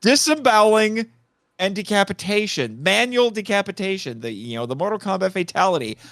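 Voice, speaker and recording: Excitable man, higher voice. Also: fairly quick, dry recording, studio quality. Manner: excitable, laughs often, changes his mind mid-thought. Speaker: podcast guest. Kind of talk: casual podcast chat.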